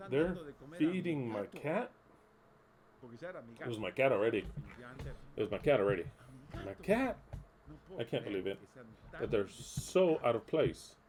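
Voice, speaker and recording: A male preacher in a mid-range voice telling a personal story during a sermon. His delivery is animated and blunt, with frequent restarts and the occasional swear word. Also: mid-range voice. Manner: animated and candid, with coarse language and frequent restarts.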